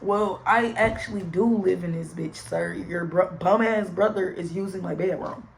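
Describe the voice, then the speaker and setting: A young woman telling a personal story to her viewers in an animated storytime vlog, talking straight to them and swearing freely. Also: on the low side, normal speed, creaky, a little hiss or hum, poor audio. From St. Louis area, USA. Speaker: vlogger.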